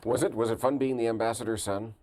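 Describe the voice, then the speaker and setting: A man's voice: mid-range voice, fairly even intonation, quick pace, darkish tone. A man interviewing a guest for a 1999 television program, prompting him with short questions. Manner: prompting questions, brief acknowledgements.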